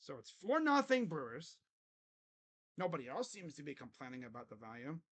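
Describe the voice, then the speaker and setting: A man's voice: a little high, very animated, moderate pace, a bit bright, husky. A man giving a casual live reaction play-by-play of a baseball game on a stream, brashly trash-talking his chat between calls. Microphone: close desk streaming mic.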